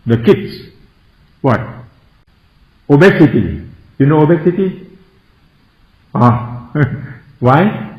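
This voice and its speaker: A Buddhist monk from Thailand with a Thai accent, giving a Dhamma talk in simple broken English and often asking the listeners if they follow. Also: male voice, on the high side, a little mellow. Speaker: Buddhist monk teaching meditators. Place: meditation centre hall. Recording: echoey, dull lo-fi room recording.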